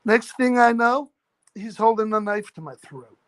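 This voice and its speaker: A man's voice: high-pitched, normal speed, fairly bright tone. A man in his forties casually telling a long personal story in a rambling, earnest, matter-of-fact way. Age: 40s. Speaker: chat room participant.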